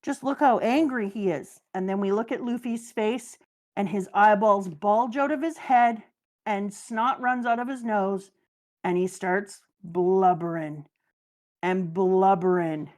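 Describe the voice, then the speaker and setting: A woman's voice: mid-range voice, unhurried, a little mellow. A woman hosting a casual chat, gushing and joking her way through an anime recap. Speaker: host.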